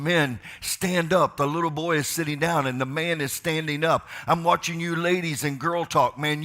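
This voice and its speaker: Brief: male pastor, bright, forceful voice, hype-up preaching with jokes. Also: a little high. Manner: enthusiastic, joking, rallies the crowd. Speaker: pastor and leadership event host. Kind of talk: energetic sermon and hype.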